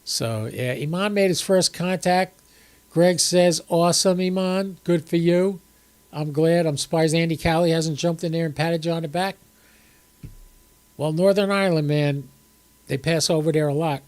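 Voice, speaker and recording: A man's voice: fairly high pitch, moderate pace. An older man hosting a ham radio livestream from home, rambling casually to his chat viewers and sounding a little stuffy with a cold. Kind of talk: casual live-stream chat. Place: home room, seated on camera.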